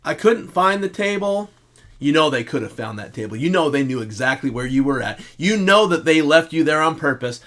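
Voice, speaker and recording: A man's voice: mid-range voice, a little fast, hardly any pauses. Blunt middle-aged man lecturing the listener. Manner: lecturing, direct address to the listener; swings between shouting reenactments and quiet resignation. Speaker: self-help video host. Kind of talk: blunt relationship advice monologue.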